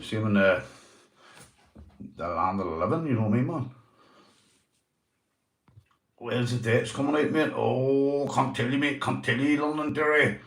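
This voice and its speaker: A Northern Irish man hosts a casual livestream and answers viewers' comments as they come in. He talks loosely and swears freely, and he keeps calling people mate. His voice sits at an ordinary pitch for a man, and the room around him sounds echoey. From Northern Ireland. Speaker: livestream host.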